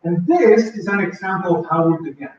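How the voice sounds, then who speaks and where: Speaking conversationally to a live audience, a man runs a language-learning workshop and frequently poses questions to them. His voice sits high and moves briskly, with a faint hiss or hum. The recording sounds echoey and dull, picked up by a distant mic.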